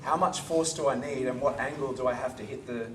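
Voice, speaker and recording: A man's voice: medium pitch, steady tone, a little fast, a bit bright, slight background noise. A man teaching a karate seminar, demonstrating moves and checking in with the group. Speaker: karate instructor. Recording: echoey hall, recorded from far off.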